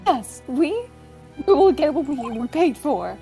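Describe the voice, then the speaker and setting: A woman's voice: high voice, very animated, unhurried, vocal fry, warm tone, soft background music, heavily acted. A woman reading the lines of a polite, formal young assistant from a video game. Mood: earnest. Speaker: player reading game dialogue. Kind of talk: reading game dialogue aloud.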